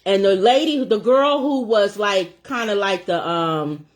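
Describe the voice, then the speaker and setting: A woman co-hosting a casual food-and-talk show, telling a story in an animated way while eating. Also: medium pitch, measured pace. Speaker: co-host.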